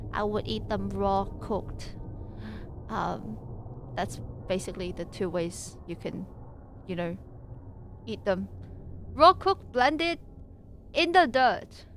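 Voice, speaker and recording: A woman's voice: mid-range voice, a little hiss or hum. A woman livestreaming, chatting in a playful, rambling and silly way between reading passages from her home PC setup. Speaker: VTuber streamer.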